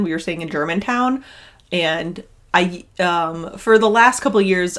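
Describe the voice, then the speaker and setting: A young woman chatting casually in her knitting vlog, gushing and rambling with restarts. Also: mid-range voice. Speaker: knitting vlogger and yarn dyer.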